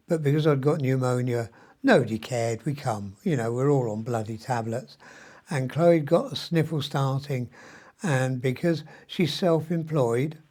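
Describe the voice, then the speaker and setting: An older man in his seventies talks through a meandering video diary, full of ums and the odd mild curse. His voice sits at an ordinary middle pitch. He sounds worn out and short of breath, like someone still recovering from illness. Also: a little mellow. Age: 70s. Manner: chatty, meandering, mild swearing, frequent ums. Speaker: vlogger. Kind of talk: rambling personal video diary.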